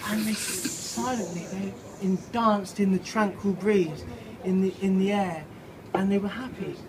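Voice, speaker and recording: A slightly drunk man reading his own story aloud outside a pub, halting and playful, with restarts and swearing. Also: sits high, fairly even intonation, crowd noise. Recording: noisy outdoor pub ambience.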